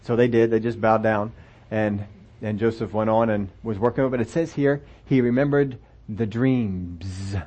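A man's voice: fairly low pitch, fairly even intonation, moderate pace, darkish tone. A man preaching a sermon and reading from the Bible in a conversational way, asking his listeners rhetorical questions. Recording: dull lo-fi recording.

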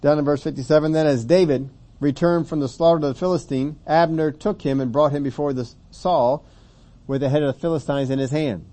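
Mellow-voiced man preaching a sermon. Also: a little high. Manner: conversational, rising to emphatic scripture reading.

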